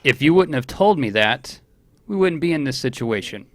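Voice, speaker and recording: A man's voice: medium pitch, animated, moderate pace, no room sound. A man co-hosting a comedy talk show, making wry, teasing remarks. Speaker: co-host. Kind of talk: casual chat.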